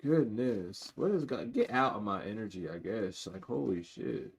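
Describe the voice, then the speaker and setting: A man giving a live-streamed tarot reading to his viewers. He is blunt and profane, and he swings between loud outbursts and low muttering asides. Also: expressive, normal speed, vocal fry. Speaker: tarot reader.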